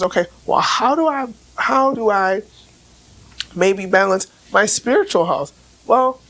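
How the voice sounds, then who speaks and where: A woman's voice, raspy and hoarse from laryngitis, talks through relationships and mental health in a relaxed podcast chat. She keeps checking in with "right?" and often repeats a word before getting a sentence going. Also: mid-range voice, low-quality recording. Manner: explains with everyday examples, frequent "right?" checks; repeats words when starting sentences. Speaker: relationship expert guest. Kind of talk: casual podcast conversation.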